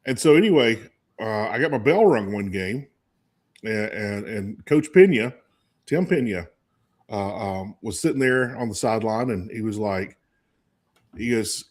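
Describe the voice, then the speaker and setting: A man's voice: medium pitch, animated, normal speed, darkish tone. A man in his forties co-hosting a casual sports talk show, telling a rambling story full of restarts and fillers. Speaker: co-host. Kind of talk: casual chat.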